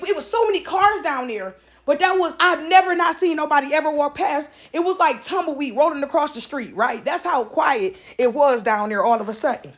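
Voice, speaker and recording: High-voiced woman telling a story. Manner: animated, emotional, talks straight to viewers. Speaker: vlogger telling a personal story. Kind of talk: casual storytelling to viewers.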